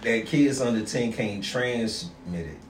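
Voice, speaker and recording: A middle-aged man in a casual group chat, gruff and joking. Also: medium pitch, a little slow, echoey room, far from the mic. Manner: lively, gruff jokes. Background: overlapping chatter of others.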